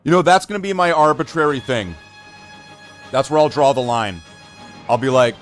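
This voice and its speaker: A man's voice: medium pitch, moderate pace, long pauses, faint music behind. A man chatting casually on a hobby live stream, rambling and joking at himself with many fillers and restarts. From Canada.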